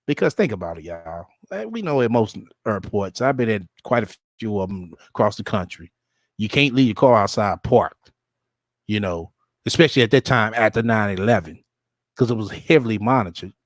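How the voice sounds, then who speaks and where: A man's voice: on the low side, expressive, normal speed, no room sound, clean studio sound. A man hosting a show and commenting bluntly and profanely on a played video. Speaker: host reacting to a clip.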